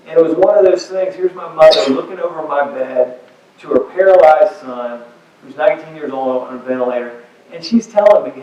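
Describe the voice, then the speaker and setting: A man's voice: fairly high pitch, fairly quick, warm tone. A man giving a personal motivational talk about his book. He talks conversationally, with many "you know"s and wry, self-deprecating asides. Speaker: author and speaker. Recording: echoey hall, distant dull mic.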